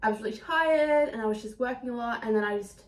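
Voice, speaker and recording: A woman's voice: a little high, quick pace. A young woman talking in a casual confessional vlog, rambling and emotional, mocking herself and breaking into laughs, standing a little away from the camera. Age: young adult. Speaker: vlogger. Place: indoor room. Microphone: camera some distance away. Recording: echoey room, camera away.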